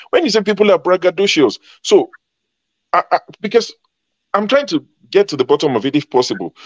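A man's voice: fairly high pitch, no room sound, dull audio. A man speaking as a panelist in a heated debate, emphatic and combative, repeating his points.

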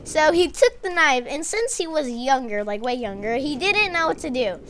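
Bright-voiced woman telling a game story. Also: high-pitched, moderate pace, a little hiss or hum. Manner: excited storytelling, doing dramatic voices for the characters. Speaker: game narrator. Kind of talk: narrating a gameplay story.

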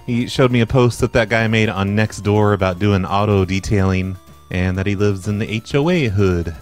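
A man hosting a prank-call show, talking in a relaxed, chatty way between calls. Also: lowish voice, normal speed, soft background music. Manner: relaxed, chatty, rambling asides. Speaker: host and prank caller. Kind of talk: casual podcast narration.

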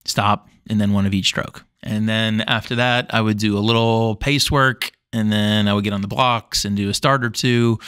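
A middle-aged man, a former swimmer, telling a long story in a casual interview, rambling and animated, full of fillers and restarts. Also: medium pitch, clean tone. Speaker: podcast guest, former Olympic swimmer.

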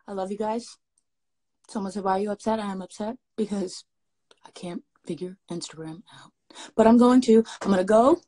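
A woman's voice: medium pitch, breathy edge. Flustered young woman live-streaming. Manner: flustered, excitable, talks to viewers. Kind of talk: casual live stream chat.

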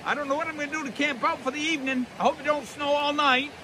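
A man's voice: extremely high pitch, steady tone, fast talker, background noise. A middle-aged man with a Maine accent telling folksy comic stories in a drawling, down-home way, recorded outdoors in snowy woods. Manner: drawling, down-home, leans into voices for characters. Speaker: humorist storyteller.

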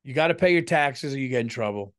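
A middle-aged male comedian at a medium pitch, talking straight to his listeners. He rambles through an anecdote, curses often and doubles back mid-sentence in a loose, chatty way. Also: expressive, fast. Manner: profane, rambling, restarts sentences. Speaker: comedian and podcast host. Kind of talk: casual storytelling monologue.

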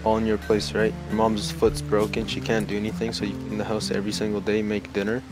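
Young male, lowish voice, insistent and wounded in a heated argument, music in the background. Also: monotone, fast. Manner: insistent, aggrieved, keeps pressing his point. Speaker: student. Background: music playing.

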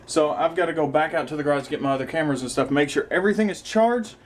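A man's voice: fairly high pitch, fast talker. A young man vlogging casually about his day, rambling with lots of fillers and the odd curse. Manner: rambling, profane, many fillers. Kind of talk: casual vlog chat.

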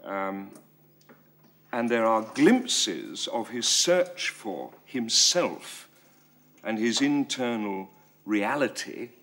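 A man's voice: on the low side, animated, very slow, a bit bright. A man discussing a role he once played, thoughtful and searching for words, a little hesitant. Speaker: actor in a masterclass. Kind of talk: reflective discussion.

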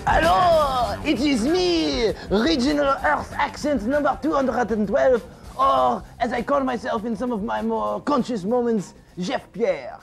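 A high, gravelly Frenchified alien chef. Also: male voice, a little slow, faint music behind, full character voice. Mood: excitable. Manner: excitable, exclaiming. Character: fussy alien cooking-show host, male. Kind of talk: comedy sketch acting.

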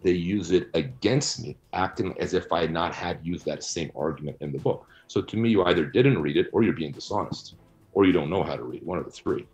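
A middle-aged man answering interview questions about his research, blunt and animated as he argues his points. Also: deep voice, a little fast, dull audio. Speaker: guest, researcher and author.

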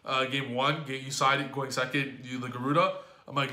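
A man's voice: on the high side, quick pace, pushed and bright, roomy sound. A man recapping his card game matches in a rambling, exasperated play-by-play, swearing often. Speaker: YouTube gaming host.

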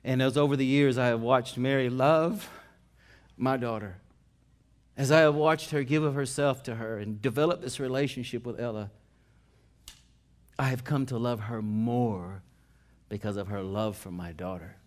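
Pastor preaching with big swings in volume. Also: male voice, mid-range voice, normal speed, pauses often. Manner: swings from loud preaching to quiet, soft storytelling; folksy, conversational preaching. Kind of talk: sermon.

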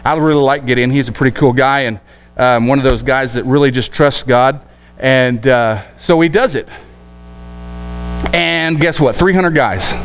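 A man preaching a sermon in a folksy, animated way, often voicing the people in his stories. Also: medium pitch, normal speed, clean tone, poor audio. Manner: folksy, animated, acts out quoted voices.

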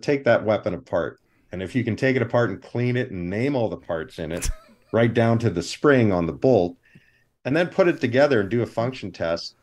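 A man with a fairly low voice tells stories from his years on film sets as an interview guest. He talks with energy, often slipping into the voices of the people he quotes. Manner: animated anecdotes, acts out quoted people. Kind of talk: storytelling interview.

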